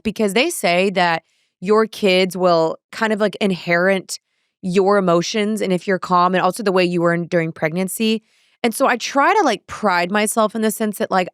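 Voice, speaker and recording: A young woman hosting a podcast, telling a frantic everyday story in a casual, animated way, acting out her own reactions and peppering her talk with "like.". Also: mid-range voice, clear, resonant tone, dry recording, clean studio sound. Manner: animated, breathless retelling with acted-out inner quotes; fillers "like" throughout. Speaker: podcast host.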